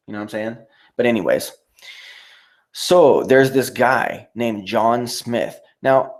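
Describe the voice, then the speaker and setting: A man with a gravelly, fairly low voice hosts his own livestream. He rambles through a casual rant, swearing freely and mocking people as he goes. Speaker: YouTube livestreamer.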